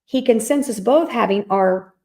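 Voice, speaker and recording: A woman's voice: fairly high pitch, normal speed. Chatty middle-aged woman telling a story. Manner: animated storyteller, acts out quoted dialogue. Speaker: podcast co-host. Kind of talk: casual storytelling chat.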